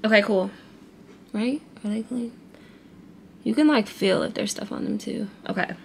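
A woman's voice: mid-range voice, moderate pace, gravelly, background noise. A young woman vlogging in a casual, chatty way, talking straight to her viewers with lots of fillers. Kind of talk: casual vlog chat.

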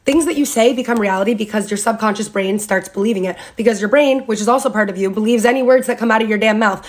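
Fast, blunt young woman swearing freely. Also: medium pitch. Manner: blunt, expressive, swears freely, acts out her own self-talk. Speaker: speaker in a reposted clip. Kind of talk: candid motivational talk.

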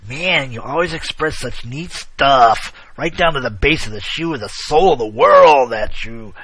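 A man hosting an online show, rambling casually with chummy shout-outs and sarcastic asides. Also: mid-range voice, a little slow, dry recording. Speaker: internet show host. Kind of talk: casual chat, rambling commentary.

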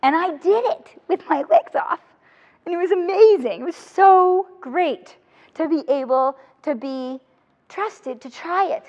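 Woman speaker, high voice, humorous and animated; long hall reverb, dull audio. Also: a little slow. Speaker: motivational speaker. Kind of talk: lively talk to student teachers.

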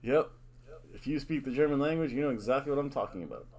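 A man's voice: mid-range voice, fast talker, darkish tone. A middle-aged man hosting a casual wrestling predictions vlog, playful and showy, with announcer-style catchphrases. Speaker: host.

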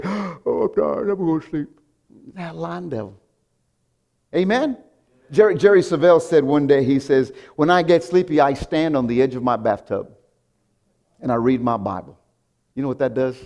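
A man's voice: a little high, a little mellow. A pastor preaching a sermon to his congregation, emphatic, with frequent restarts, chuckles and calls of "come on, church". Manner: emphatic preaching with repeated call-outs to the congregation.

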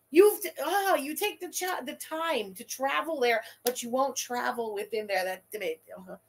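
A woman's voice: high voice, normal speed, hardly any pauses, fairly bright tone. A woman hosting a commentary stream, reacting to a livestream with blunt, sarcastic, foul-mouthed remarks. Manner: blunt, sarcastic, swears freely. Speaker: commentary channel host.

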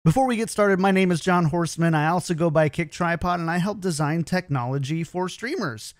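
Male tutorial host, upbeat and clear, slightly high voice, dry studio sound. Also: fairly quick, dry recording. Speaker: streaming tech tutorial host. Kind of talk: scripted tech tutorial.

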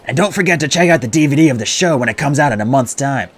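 A man's voice: mid-range voice, lively intonation, fast, slightly rough. A man voicing a cheerful, easygoing immortal showman with a breezy manner.

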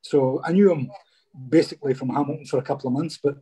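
A former footballer from Scotland tells stories casually in an interview, using "mate" a lot. His voice is husky and warm, on the high side, and he talks fast in a chatty way.

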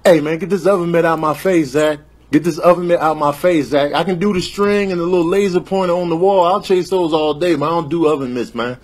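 A fed-up streetwise cat, voiced by a man, drawls out threats in a comedic pet video. The voice sits high and sounds husky and breathy. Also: brisk, few pauses, close to an everyday voice. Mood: fed-up, threatening. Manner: drawling street talk, calls everyone man.

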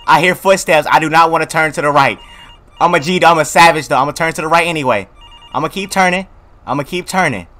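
A man giving let's play commentary on a horror game, loud and jumpy, joking through his reactions in heavy slang. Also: a little high, fast. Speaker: gaming video creator.

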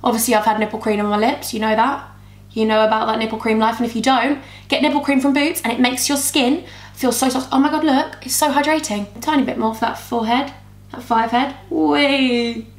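Young woman vlogger, high and bubbly, chats to herself through a makeup tutorial in an echoey room. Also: fairly even intonation, a little fast. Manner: bubbly, rambling, talks to herself and her camera. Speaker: beauty vlogger. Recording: roomy echo.

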